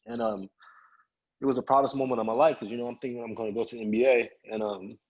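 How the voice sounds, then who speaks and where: Guest speaker from Chicago, a man with a husky mid-range voice, telling his story with lively acted-out quotes. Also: medium pitch, fast talker, lo-fi sound. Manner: animated, acts out quoted voices of family and friends. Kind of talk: personal storytelling.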